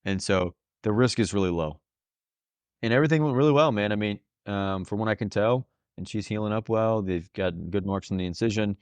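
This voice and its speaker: A man's voice: on the low side, a little fast, clean tone, no echo. A young man casually telling a personal story on a podcast, earnest and emotional and laughing often. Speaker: podcast host, new father.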